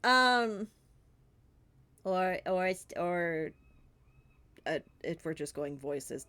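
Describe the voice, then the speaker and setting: A woman's voice: on the low side, lively intonation, drawn-out words, long pauses, bright, forceful tone. A woman with a Southern US accent, a streamer chatting casually and rambling with lots of fillers and giggles during a Q&A. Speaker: streamer and artist.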